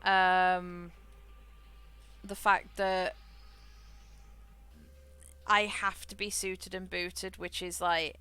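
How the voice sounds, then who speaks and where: A woman's voice: on the low side, flat delivery, very slow, long pauses, pushed and bright, smooth. A woman streamer chatting casually and rambling as she plays a game, often laughing. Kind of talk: casual chat while gaming.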